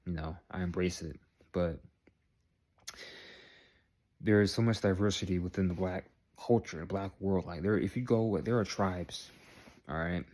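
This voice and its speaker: Deep-voiced man rambling to camera. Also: a little slow, pauses often, a little mellow. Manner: rambling, repeats phrases, checks in with "all right?". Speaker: vlogger. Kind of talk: casual talk to camera.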